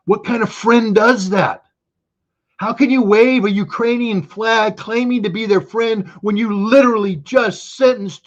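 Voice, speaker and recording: A middle-aged American man giving heated, blunt political commentary as an interview guest, sarcastic and quick to mock others by quoting them. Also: sits high, highs cut off. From United States. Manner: blunt, sarcastic, quotes others in mocking voices.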